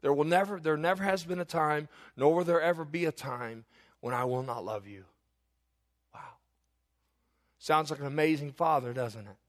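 A pastor in his forties preaching a sermon, telling stories and building in volume and pitch on key points, often restarting phrases. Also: moderate pace, long pauses. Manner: storytelling, swells louder and higher on key points.

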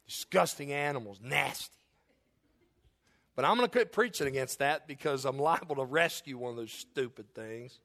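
A man preaching a sermon, telling stories in lively, emphatic bursts. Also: normal speed. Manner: animated storytelling with sudden loud high bursts. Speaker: pastor.

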